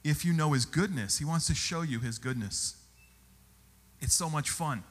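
A male pastor preaching a sermon, telling stories with animated exclamations. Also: on the high side, moderate pace. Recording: long hall reverb.

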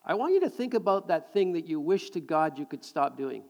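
A middle-aged man preaching a sermon to a live congregation, animated and jokey, repeating words as he builds a point. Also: on the high side, a little fast, gravelly. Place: large hall with audience. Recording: long hall reverb.

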